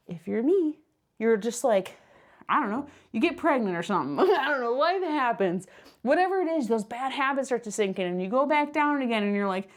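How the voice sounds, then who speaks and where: A woman's voice: fairly high pitch, lively intonation, moderate pace. A young woman talking casually to camera from her home office, a bit out of breath, acting out her own inner voice. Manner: chatty, acts out her own inner voice with upswings. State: a little out of breath. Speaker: reselling business vlogger. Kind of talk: casual vlog to camera with a whiteboard. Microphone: clip-on wireless mic.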